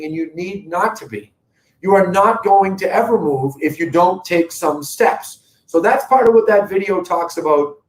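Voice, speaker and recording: A man hosting a live real estate update, talking emphatically and directly to viewers. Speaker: real estate broker host. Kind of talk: live-streamed market update. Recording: echoey room with faint rumble.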